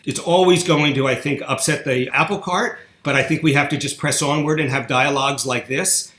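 Forceful, opinionated man in an echoey room. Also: fairly high pitch, steady tone, moderate pace. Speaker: interview guest. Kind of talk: podcast interview.

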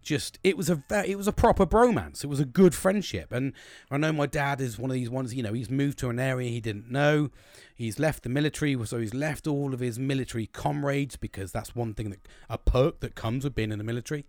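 A man's voice: medium pitch, brisk, darkish tone, no echo. A British man in his forties rambling through a childhood story, swearing constantly and laughing as he goes. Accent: British English. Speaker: podcast host. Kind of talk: casual storytelling.

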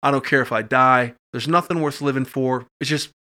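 A middle-aged man, a podcast guest, telling a personal story in casual talk and acting out the voices when he gets excited. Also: medium pitch, a little fast.

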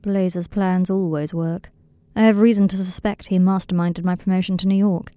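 A woman's voice: on the low side, fairly even intonation, normal speed, clear, resonant tone, no room sound, close to an everyday voice. Woman reading as a tender young wizard man. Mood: wry. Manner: softly confiding, a little rambling. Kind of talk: audiobook reading of a fan story.

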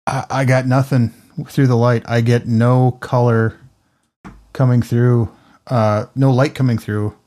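A man's voice: mid-range voice, a little slow. A man casually reviewing a beer, musing aloud and often restarting his sentences. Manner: relaxed, musing, stumbles over words. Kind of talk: casual tasting chat.

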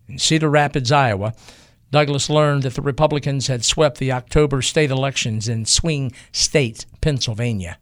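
A man giving a scripted history narration in a measured, emphatic storytelling manner. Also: mid-range voice, no echo, clean studio sound.

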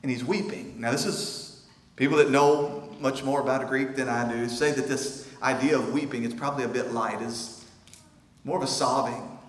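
Impassioned preacher in an echoing hall. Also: male voice, mid-range voice, fairly even intonation, normal speed. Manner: swings from hushed to loud and impassioned. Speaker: pastor. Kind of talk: sermon. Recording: echoey hall, long reverb.

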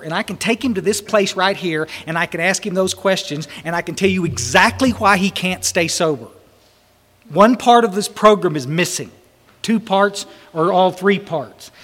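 A man's voice: high-pitched, fairly bright tone. Folksy man in a reverberant hall. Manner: folksy and blunt, many restarts, mild swearing. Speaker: speaker at a recovery retreat. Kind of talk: storytelling talk to a men's group.

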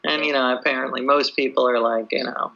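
Guy getting interviewed, gravelly and kinda sharp, keeps saying you know, dull lo-fi sound. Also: medium pitch, steady tone, fairly quick. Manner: hesitant, many "you know" fillers and restarts. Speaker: author, interview guest. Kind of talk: casual interview answers. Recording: dull lo-fi audio.

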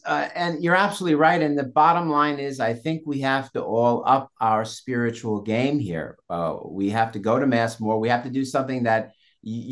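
A man as an interview guest, talking earnestly and emphatically about faith and repeating phrases for force. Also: mid-range voice. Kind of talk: interview talk on Catholic faith.

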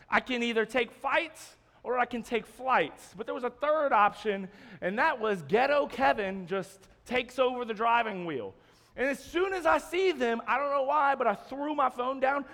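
A man telling a first-person story to listeners, lively and checking in with frequent "okay?" asides. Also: high voice. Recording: long reverb of a large hall.

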